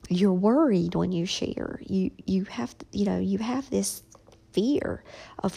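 Slow, husky-voiced woman with a gravelly edge. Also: mid-range voice, warm tone, low-quality recording. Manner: slow, reflective, halting with many ums. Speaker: author talking about her children's book. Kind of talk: casual personal vlog.

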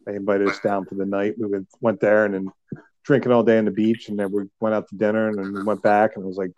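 A man's voice: fairly low pitch, level tone, fast, darkish tone, no room sound. A man co-hosting a podcast in casual chat, chatty and playful, laughing often. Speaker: podcast co-host. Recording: dull lo-fi sound.

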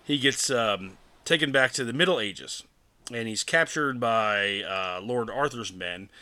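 A man co-hosting a podcast, retelling a film scene by scene in a rambling, animated way. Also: medium pitch, a little slow. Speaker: podcast co-host. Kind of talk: casual chat recapping a film.

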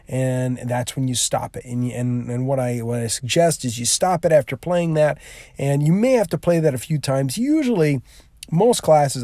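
A man's voice: medium pitch, dark tone, no echo, clean studio sound. A male teacher explaining a classroom activity in a rambling way, with many fillers and restarts.

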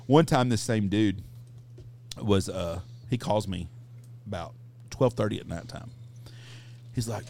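A middle-aged man hosts a casual podcast and tells a crude story full of swearing. His voice is gravelly, and his pitch swings widely as he talks. A faint hiss sits under the recording. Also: normal speed, long pauses. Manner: profane, animated anecdote-telling. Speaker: podcast host.

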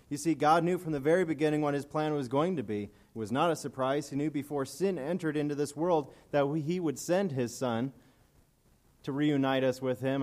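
A man's voice: mid-range voice, darkish tone. A man preaching a casual, earnest and emotional sermon, reading scripture aloud and commenting between passages.

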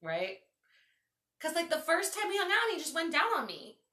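Podcast host lady rambling a story, lots of "like", bright voice, roomy echo. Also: very high voice, moderate pace, far from the mic. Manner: animated, swearing, lots of "like". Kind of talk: casual storytelling chat.

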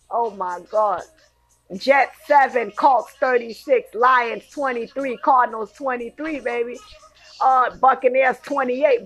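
A woman hosting a casual sports podcast, excitably reading scores and highlights with lots of slang and exclamations. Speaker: podcast host.

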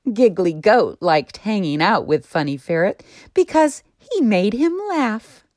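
A woman host narrating a children's story in an expressive storytelling manner. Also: on the low side, dry recording, clean studio sound.

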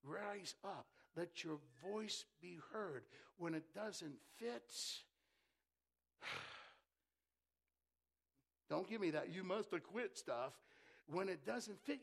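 Pastor, male, high tenor, fervent sermon delivery, rises to shouts then drops to a hush. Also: animated, takes it slowly, gravelly, pauses often. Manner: impassioned preaching that drops to a hush; calls for congregation responses. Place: church.

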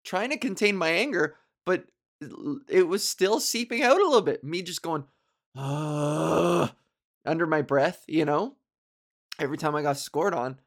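A woman's voice: fairly low pitch, lively intonation, moderate pace. A young woman hosting a solo podcast, chatting casually in a rambling, profane, self-mocking way and laughing often. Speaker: podcast host.

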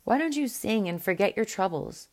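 Woman reading as a gentle young princess. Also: medium pitch, lively intonation, normal speed, close to an everyday voice. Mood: fond.

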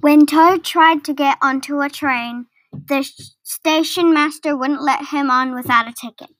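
A woman reading a children's story aloud in a gentle, deliberate storytelling manner. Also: sits high, steady tone, no echo.

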